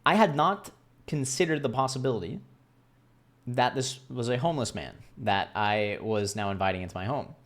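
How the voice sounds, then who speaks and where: A man's voice: medium pitch, moderate pace, a bit bright. A young man casually telling a story to camera in a rambling, self-deprecating way, acting out the voices of the people he quotes. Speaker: vlogger.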